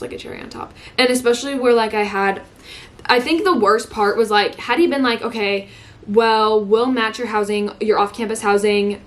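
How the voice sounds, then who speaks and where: A young woman vlogger telling an emotional story in casual chat, tearful and saying "like" constantly. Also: mid-range voice. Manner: emotional, heavy use of "like", breaks into laughs.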